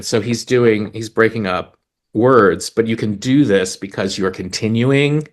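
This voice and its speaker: Low-voiced man explaining lyrics. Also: moderate pace. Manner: explains things eagerly, reads out lyrics with rhythm. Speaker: podcast co-host, lyricist. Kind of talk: casual chat about songwriting.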